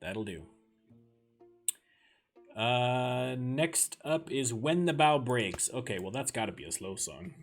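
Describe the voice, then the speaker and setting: A man's voice: medium pitch, expressive. Chatty Canadian man commenting on a game. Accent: southern Ontario Canadian. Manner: chatty, self-mocking, quick to laugh. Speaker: let's play host. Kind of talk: casual gameplay commentary. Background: game music.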